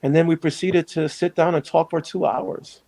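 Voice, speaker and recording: A man's voice: fairly high pitch, fairly even intonation, moderate pace, gravelly, mellow, no echo, rough recording. A man who is a priest, telling his story in an interview in an earnest, reflective way.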